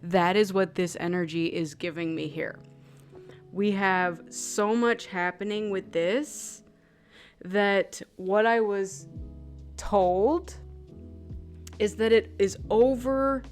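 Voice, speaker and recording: Woman tarot reader, unhurried, effusive, mid-pitched, faint background music. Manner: effusive and emotional, many "like" fillers. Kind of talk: intuitive tarot reading vlog.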